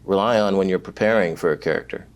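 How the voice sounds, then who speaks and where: A man interviews a guest with short questions and brief acknowledgements. His voice sits fairly low. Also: fast, clear, resonant tone.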